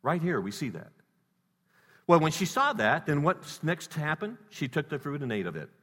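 A man preaching a sermon built around a personal story, swinging between loud emphasis and hushed lines. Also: a little high, sing-song, normal speed. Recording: reverberant hall.

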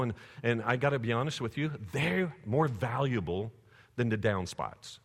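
A man preaching a sermon, lively and conversational, telling stories to his congregation. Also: lowish voice. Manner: animated storytelling preacher. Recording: long church reverb.

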